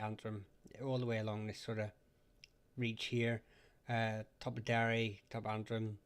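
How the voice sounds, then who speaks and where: A man with a Northern Irish accent hosting a casual live chat, rambling and laughing often as he talks. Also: medium pitch. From Northern Ireland. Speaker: livestream host.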